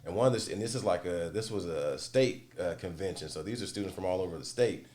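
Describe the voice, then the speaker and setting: A man speaking as a guest and student mentor, talking slowly and reflectively with many "you know"s. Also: low voice, expressive, darkish tone. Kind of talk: casual conversation.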